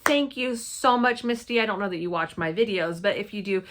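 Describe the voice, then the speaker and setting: A woman's voice: medium pitch, brisk, a bit bright. A woman in her forties chatting casually and enthusiastically as she shows her craft supplies to the camera. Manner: chatty and enthusiastic, gushing over colors. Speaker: cross-stitch vlogger. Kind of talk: casual show-and-tell chat.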